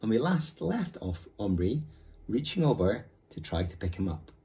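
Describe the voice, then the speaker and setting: Male teacher reading a kids book out loud, lowish voice, really animated up and down. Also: moderate pace. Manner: lively, expressive storytelling. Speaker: primary school teacher. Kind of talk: reading a children's novel aloud.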